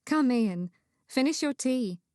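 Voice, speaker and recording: A woman voicing a kindly young sister-in-law who speaks in a reassuring, warm manner. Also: sits high, expressive, slow pace, dry recording, clean studio sound, voice pushed up.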